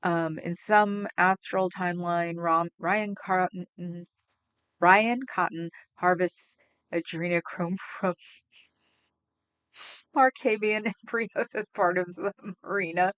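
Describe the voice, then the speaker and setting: A woman in her fifties hosting a livestream at home, chatting in a rambling, casual way and laughing often. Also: on the low side. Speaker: livestream host.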